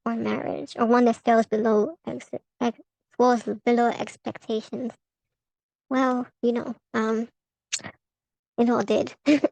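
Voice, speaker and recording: A woman's voice: on the high side, gravelly, darkish tone, dry recording, rough recording. A young woman giving a casual, profane tarot reading, blunt and rambling, often laughing and restarting her sentences. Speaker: tarot vlogger.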